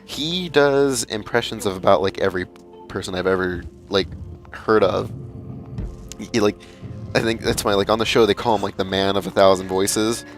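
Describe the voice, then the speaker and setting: A man's voice: fairly low pitch, moderate pace, soft background music. A young man chatting casually as a let's play gamer, rambling and often restarting his sentences. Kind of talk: casual commentary.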